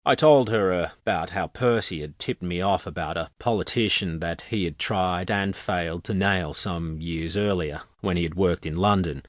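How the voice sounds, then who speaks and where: Male audiobook narrator, deep low voice, dry close studio sound, wry conversational telling. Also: moderate pace, hardly any pauses, no room sound. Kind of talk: scripted first-person novel narration.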